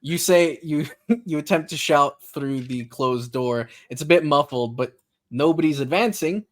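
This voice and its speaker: A man's voice: on the high side, unhurried. A man narrating as game master for a tabletop role-playing game, talking loosely with frequent fillers and restarts.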